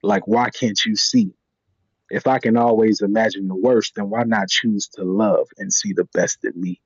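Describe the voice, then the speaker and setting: A man recites spoken-word poetry in a low, husky voice that he pushes deeper than usual. His delivery is blunt and full of curses. The audio is dry and dull, like a lo-fi stream. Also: fairly even intonation, normal speed, no room sound. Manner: put-on extra-deep voice, blunt and profane. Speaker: guest poet.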